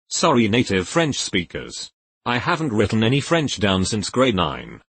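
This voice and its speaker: A man narrating Reddit posts aloud in a lively, expressive read with jokey asides. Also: fairly low pitch, moderate pace, husky, no echo.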